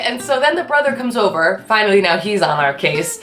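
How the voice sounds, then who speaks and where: A woman hosting her vlog, telling a story in a casual, animated and profane way. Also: a little high, brisk. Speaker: host. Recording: echoey room with faint guitar music.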